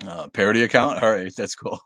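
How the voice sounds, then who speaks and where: A man's voice: fairly low pitch, fairly quick, bright, forceful tone, dry recording, clean studio sound. A man hosting a casual livestream, reading viewer comments aloud and answering them bluntly and sardonically, with frequent fillers and laughs. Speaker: livestream host.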